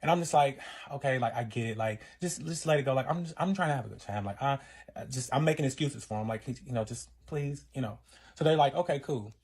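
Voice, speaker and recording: Speaking fast in a medium-pitched voice that's a little mellow and slightly rough, a man casually recounts a story about a relationship of his. The telling is profane and wandering, packed with fillers and quotes he performs in other people's voices.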